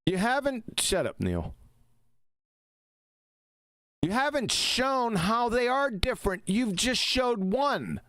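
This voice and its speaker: A man speaks slowly and sarcastically on a live stream, his pitch rising and falling widely as he mocks what he is reacting to. The sound is very dry and close. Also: very animated, fairly bright tone, no echo. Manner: sarcastic, insulting. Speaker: live show co-host. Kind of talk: mocking live commentary on a video.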